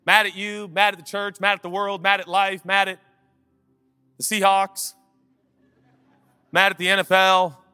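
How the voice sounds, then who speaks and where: High bright-voiced preacher man. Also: level tone, a little slow, pauses often, smooth, dry recording, big-room sound, faint music behind. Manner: swings from loud impassioned calls to quiet conversational asides. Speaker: pastor. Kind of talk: sermon.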